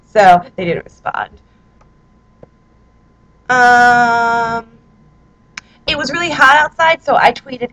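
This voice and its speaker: A woman's voice: high-pitched, expressive, a little slow, fairly bright tone, rough recording. A woman in her twenties, a vlogger chatting casually and self-mockingly at home, reading out her own posts into a handheld recorder. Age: 20s. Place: her apartment, indoors.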